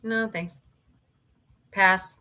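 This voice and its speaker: A woman's voice: mid-range voice, fairly even intonation, very slow, pushed and bright. A middle-aged woman hosting a casual livestream, chatting and rambling through stories with her live chat. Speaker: livestream host.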